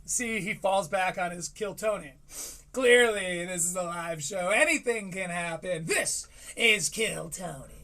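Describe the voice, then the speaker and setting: A man from Michigan giving casual, joking live-stream commentary on a comedy special, swearing freely between quick asides. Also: sits high, lively intonation, pushed and bright. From Michigan, USA. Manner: profane, joking, fast asides.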